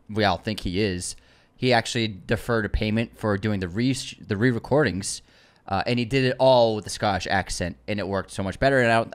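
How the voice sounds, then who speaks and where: A man co-hosting a movie podcast, chatting at length and arguing his point with his co-host. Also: mid-range voice. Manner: talkative, defensive in friendly argument. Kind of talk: casual movie podcast chat.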